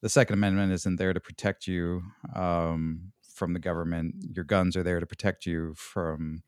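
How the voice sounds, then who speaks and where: A man co-hosting a podcast in casual chat, halting and searching for words, with dry jokes. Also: deep voice, level tone, a little mellow, clean tone, no echo. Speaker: podcast co-host.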